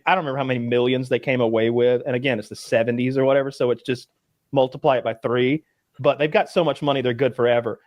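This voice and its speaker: A man's voice: medium pitch, no echo, studio quality. Rambling man telling stories on a podcast. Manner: rambling storyteller who acts out quotes with loud voices. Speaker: podcast co-host. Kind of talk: casual podcast chat.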